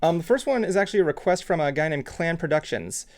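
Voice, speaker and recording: Gravelly-voiced male co-host reading chat questions. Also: fairly high pitch, animated, fast. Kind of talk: casual interview chat.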